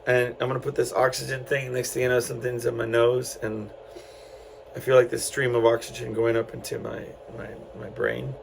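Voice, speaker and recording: A man's voice: medium pitch, flat delivery, brisk, gravelly, slight background noise, poor audio. A middle-aged man from San Antonio, hosting a podcast and telling a story in a loose, rambling way full of fillers and restarts. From San Antonio, Texas. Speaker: podcast host. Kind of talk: casual solo storytelling.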